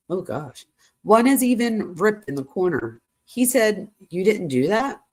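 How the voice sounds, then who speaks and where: Woman, true crime host, unhurried delivery, reads texts aloud, shocked asides. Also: medium pitch. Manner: reacts with shocked asides between readings. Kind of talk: reading text messages aloud with commentary.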